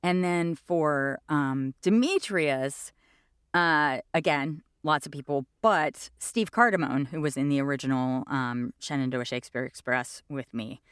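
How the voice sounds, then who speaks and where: A woman in her fifties, a stage actor chatting in an interview, rambles through her stories in a lively way. Her voice sits a little low. The sound is dry, with no room echo. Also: unhurried, clear, resonant tone. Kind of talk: casual interview chat.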